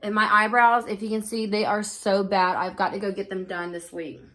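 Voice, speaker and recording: A woman's voice: mid-range voice, level tone, moderate pace, a bit bright. A woman beauty vlogger chatting casually and candidly through her makeup routine, with lots of fillers. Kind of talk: casual get-ready-with-me chat.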